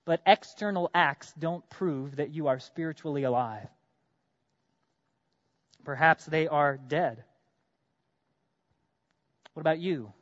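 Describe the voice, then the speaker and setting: A man preaching a sermon as pastor, earnest, asking his congregation direct questions, swinging from loud emphatic bursts to quiet drops. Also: a little high, dry recording, muffled recording.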